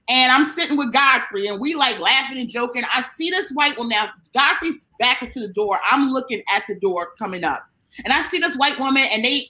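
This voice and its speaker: High, bright-voiced woman telling a profane story. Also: low-quality recording. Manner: profane, animated, acts out the people in her story. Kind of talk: casual storytelling chat.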